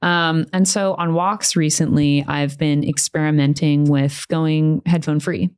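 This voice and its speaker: Low-voiced woman co-hosting, rambling and wry. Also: steady tone, measured pace, darkish tone, clear, resonant tone. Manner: rambling, filler-heavy and wry. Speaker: podcast co-host. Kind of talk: casual chat.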